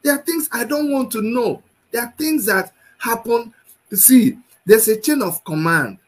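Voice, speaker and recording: A man giving impassioned commentary, scolding and repeating himself, at times shouting. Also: very high-pitched, lively intonation, unhurried, low-quality recording.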